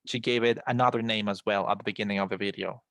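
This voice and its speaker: A man's voice: fairly low pitch, fairly even intonation, fast, a bit bright, no room sound. A man from Bogota with a Colombian Spanish accent, lecturing an online English class and explaining at length, often calling his students guys. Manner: explanatory, addresses students as guys, frequent restarts. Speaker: English teacher. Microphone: video call.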